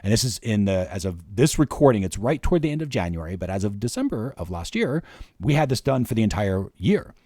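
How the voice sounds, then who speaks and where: A man's voice: on the low side, sing-song, a little fast, a little mellow, no room sound, studio quality. A man hosting a marketing workshop, walking casually through spreadsheet figures step by step. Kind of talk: screen-share workshop explanation.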